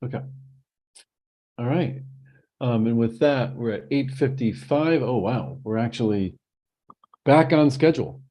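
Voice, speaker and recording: Slow halting man chairing a call. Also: mid-range voice, dark tone. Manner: halting, filler-heavy. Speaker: meeting chair. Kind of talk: virtual meeting. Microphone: video call. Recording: dull lo-fi call audio.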